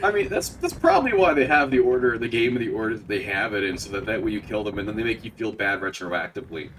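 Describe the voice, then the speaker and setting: A man's voice: fairly low pitch, big pitch swings, quick pace, far from the mic. A laid-back man in casual chat, making dry jokes and swearing easily. He sits a little away from the mic, with a faint noise underneath.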